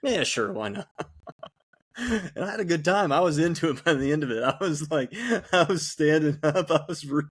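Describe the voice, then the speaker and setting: A man co-hosting a casual podcast, chatty and quick to laugh while telling stories. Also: fairly high pitch, slightly rough. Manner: chatty, laughs often, storytelling. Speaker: podcast co-host. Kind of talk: casual chat among friends.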